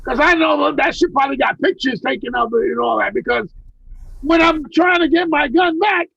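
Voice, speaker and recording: A man with a very high, gravelly voice tells rough stories from his life over a video call, cursing freely and restarting his sentences. The sound is dry and dead, and the audio is dull and lo-fi. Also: brisk, fairly bright tone, no echo. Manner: profane, rambling storytelling with many restarts. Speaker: guest recounting personal stories. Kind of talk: casual chat on a video call. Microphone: video call mic.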